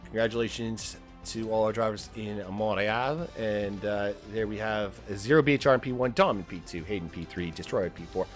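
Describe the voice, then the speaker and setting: A man's voice: on the low side, normal speed, few pauses, faint music behind. A man commentating a sim racing league and interviewing drivers, casual, laughing and swearing freely, at a home streaming setup.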